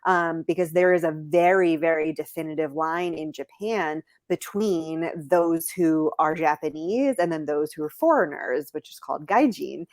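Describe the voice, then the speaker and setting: A woman's voice: deep voice, normal speed, few pauses, no room sound, clean studio sound. A woman from the United States talking casually as a podcast guest, telling stories full of fillers. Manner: animated storytelling with many fillers. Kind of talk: casual conversation.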